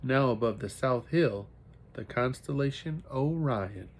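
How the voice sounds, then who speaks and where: A man's voice: mid-range voice, expressive, unhurried, slight background noise. A man reading a children's novel aloud as a hobby, with occasional self-corrections. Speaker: reader.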